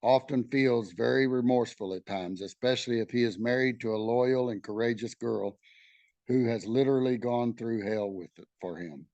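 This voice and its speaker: A middle-aged Texan man leading a study group, reading aloud and sharing his own experience in a candid, halting way, with many fillers and restarts. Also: medium pitch, darkish tone, no room sound. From Texas.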